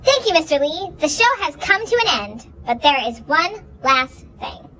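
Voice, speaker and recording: Kids' puppet: a tiny, very high, bright-voiced girl reporter, chirpy and formal. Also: big pitch swings, moderate pace, full character voice. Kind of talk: children's puppet show.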